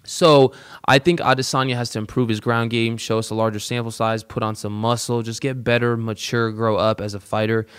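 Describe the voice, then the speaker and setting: A man's voice: medium pitch, little pitch movement, fairly quick, clean tone. A man hosting a casual podcast, bluntly breaking down an upcoming fight with plenty of swearing and 'bro'. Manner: blunt, swearing, calls listeners bro. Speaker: podcast host. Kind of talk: casual fight-prediction talk.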